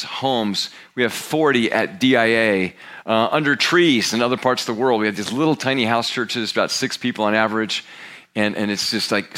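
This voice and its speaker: Bright-voiced man preaching casually. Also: fairly low pitch. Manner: conversational, candid, halting with restarts. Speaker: pastor. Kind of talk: sermon. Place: church sanctuary.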